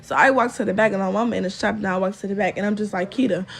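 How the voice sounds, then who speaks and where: Young woman ranting through a storytime to camera, mid pitch, lots of y'all and or whatever. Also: fairly even intonation, racing, vocal fry, soft background music. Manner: chatty and exasperated, addresses viewers as y'all, fills with "or whatever". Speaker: storytime vlogger.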